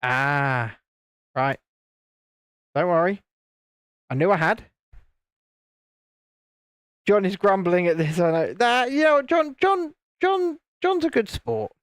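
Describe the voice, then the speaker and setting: His voice swings widely in pitch, slow and full of long pauses, with a clean tone and no room sound. He's a UK man casually chatting on a LEGO-building live stream, teasing friends in higher-voiced impressions and reading viewer comments.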